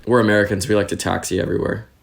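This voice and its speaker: A young man from California, a podcast guest, telling stories in a chatty, animated way with plenty of fillers. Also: fairly low pitch, rapid-fire, vocal fry. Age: young adult. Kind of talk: casual interview storytelling.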